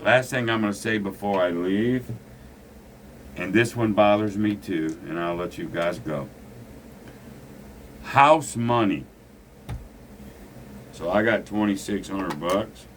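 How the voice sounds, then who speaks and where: Man, very low voice, blunt gambling teacher, faint noise behind. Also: a bit bright. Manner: blunt, preachy, swears freely. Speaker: gambling instructor. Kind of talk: casual craps lesson at a table.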